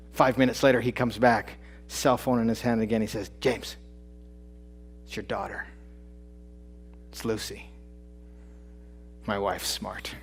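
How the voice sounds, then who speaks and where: A man in his forties on stage before a live audience, telling a personal story with building tension, loud peaks and hushed drops. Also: lowish voice. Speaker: speaker at a live talk event. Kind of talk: dramatic personal storytelling talk.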